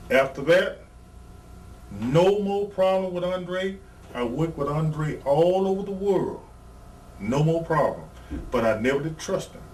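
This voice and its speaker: A man's voice: a little high, lively intonation, measured pace, a little mellow. Blunt profane man, distant mic. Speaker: retired pro wrestler, guest. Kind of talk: casual interview storytelling. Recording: distant mic, faint background noise.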